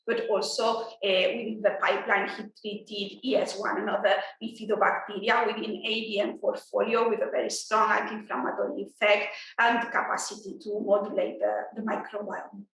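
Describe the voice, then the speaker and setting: A woman speaking as an industry guest in a business interview, measured, with frequent fillers and restarts. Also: mid-range voice, flat delivery, gravelly, fairly bright tone, very echoey, recorded from a distance, rough recording.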